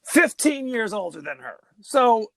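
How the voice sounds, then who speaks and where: A man co-hosting a podcast in casual chat, animated, often mocking actors' line readings. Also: very high-pitched, a little slow. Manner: animated, mocks line readings with exaggerated impressions. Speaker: podcast co-host.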